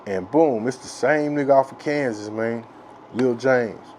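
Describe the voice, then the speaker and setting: A man from Texas telling a childhood story in a rambling, profane, filler-heavy way that grows loud and excited with laughs. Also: medium pitch, a little slow, slight background noise. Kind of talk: casual storytelling.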